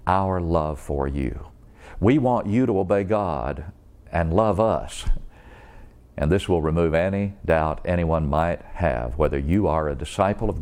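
Deep-voiced man preaching earnestly. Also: darkish tone. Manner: earnest, deliberate preaching with pleading questions. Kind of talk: evangelistic sermon.

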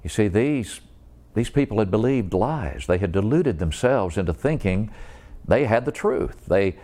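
A man with a low, deep voice delivers an evangelistic sermon. His preaching is earnest and deliberate, and he presses his listeners with searching questions. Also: expressive, mellow.

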